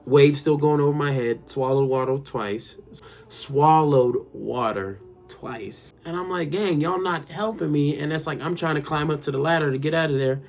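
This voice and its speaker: A young man telling a funny personal story straight to his viewers, animated and slangy, often calling them "y'all". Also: a little high, brisk, creaky, hardly any pauses. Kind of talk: casual storytime monologue.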